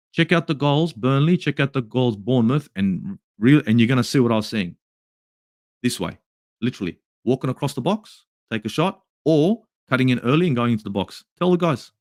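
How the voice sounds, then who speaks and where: An Australian man ranting angrily as a fan channel host, swearing often and swinging between shouts and low mutters while he reviews a match and answers live chat. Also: animated, moderate pace, no room sound, studio quality.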